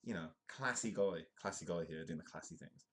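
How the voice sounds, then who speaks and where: Deep-voiced waffling British stream host. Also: male voice, brisk. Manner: chatty, self-mocking, waffling. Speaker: live-stream comedy news host. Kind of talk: rambling casual live-stream chat.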